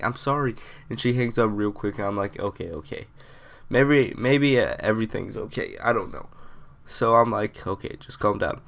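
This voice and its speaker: Smooth low-voiced young man rambling. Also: a bit bright. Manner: rambling, filler-heavy storytelling. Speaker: vlogger. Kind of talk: casual storytime.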